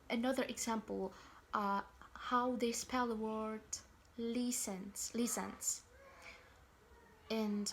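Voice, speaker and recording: Slow, careful woman rehearsing a talk. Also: a little high, slight background noise. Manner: slow, careful, with pauses and restarts. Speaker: student presenter. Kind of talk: rehearsed oral presentation.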